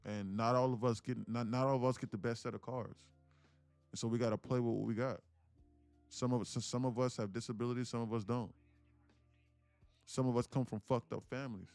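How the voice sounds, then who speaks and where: A man's voice: mid-range voice, fairly even intonation, brisk, pauses often, a little mellow, clear, resonant tone, no echo. A man around thirty, live-streaming to viewers, who talks emphatically, repeats "listen, look" and swears casually while telling a heartfelt story. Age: about 30. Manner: emphatic, repetitive, keeps saying "listen, look". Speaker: day trading streamer. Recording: dry close mic with faint music behind.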